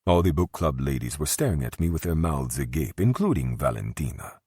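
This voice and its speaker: A man narrating a dark romance audiobook in the first person, gruff and menacing in tone. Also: very deep voice, lively intonation, a little fast, no echo, clean studio sound.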